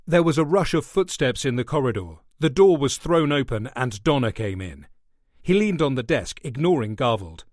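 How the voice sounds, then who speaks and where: A man reading a thriller audiobook in a steady, measured way. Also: medium pitch, no room sound, clean studio sound. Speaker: audiobook narrator. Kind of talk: scripted narration.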